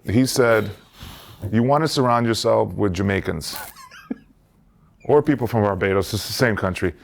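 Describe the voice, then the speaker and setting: A man from Eastern Europe, a comedian co-hosting a casual podcast, telling stories with lively quoted dialogue. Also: fairly low pitch, unhurried, creaky, slight background noise. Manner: animated storyteller, quotes others in voices.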